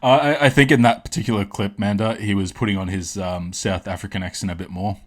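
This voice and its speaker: A young Australian man speaks quickly in a lowish voice with fairly even intonation. He's a streamer and host rambling casually through meme-reaction commentary from his home streaming setup, laughing and swearing a lot.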